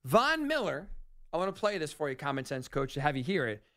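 Animated, sarcastic sports talk host. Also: male voice, fairly high pitch, a little fast. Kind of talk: sports talk radio monologue.

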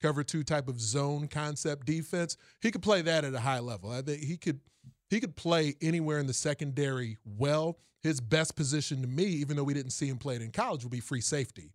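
Guy talking football scouting, kinda high voice, dry close sound, stumbles over his starts. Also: fairly quick, no echo. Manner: analytical, detailed, repeats words when starting. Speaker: football analyst. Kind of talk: casual sports chat.

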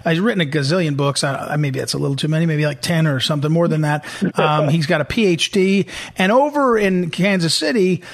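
A man's voice: on the high side, a little fast. A middle-aged man hosting a political talk radio show, emphatic and repetitive as he hammers his points home.

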